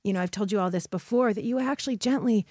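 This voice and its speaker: A woman's voice: medium pitch, quick pace, a little mellow, slightly rough, no room sound, clean studio sound. A woman hosting a motivational solo podcast, speaking to her listeners in an earnest, encouraging way. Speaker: podcast host.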